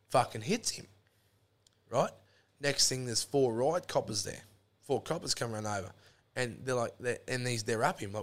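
A man's voice: mid-range voice, moderate pace. An Australian man telling a rambling, sweary story in a casual chat, throwing in lots of "mate". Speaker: podcast guest.

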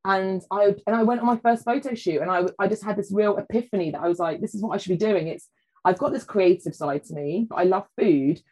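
A woman, a food writer chatting on a podcast and telling family stories in a lively way. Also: mid-range voice, fast talker, low-quality recording. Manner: chatty storyteller, animated quoting. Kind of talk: casual chat.

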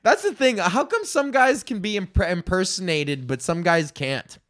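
A man's voice: high-pitched, animated, normal speed, fairly bright tone, no room sound, clean studio sound. A man in his thirties hosting a solo podcast, ranting loosely with lots of swearing and filler words. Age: 30s. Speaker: podcast host.

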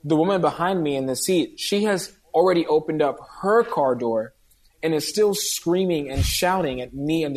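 Man telling a story in a podcast chat. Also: fairly high pitch. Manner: earnest, acts out the dialogue of people in his story. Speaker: guest. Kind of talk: casual storytelling in conversation.

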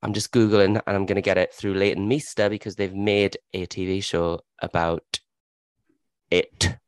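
A man co-hosting a podcast in casual, excitable chat and swearing freely. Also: low voice, normal speed, smooth, no room sound. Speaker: podcast co-host.

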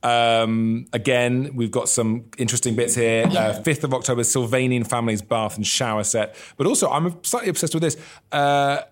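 A man's voice: mid-range voice, normal speed. A man hosting a casual chat, reading out items and dryly teasing his guest. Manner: dry, teasing, reads out items. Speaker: host.

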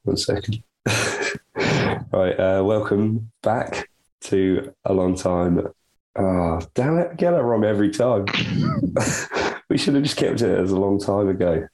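A man co-hosting a podcast in casual chat, croaky and stuffy-nosed from a cold, relaxed and chatty. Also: fairly low pitch, moderate pace, rough recording. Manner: relaxed and chatty, laughs often, many fillers. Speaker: podcast co-host.

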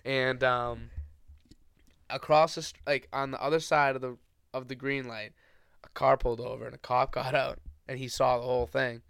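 A young man hosting a podcast, chatting casually and telling an animated story, swearing freely and acting out other people's voices. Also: mid-range voice, normal speed, gravelly, clear, resonant tone, dry recording. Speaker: podcast host. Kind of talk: casual chat.

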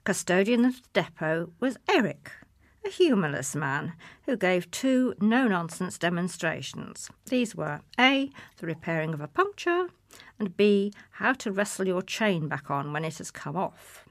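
A woman's voice: fairly low pitch, big pitch swings, measured pace, no echo. A woman reading a humorous personal essay aloud in a wry, self-mocking manner. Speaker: essay reader.

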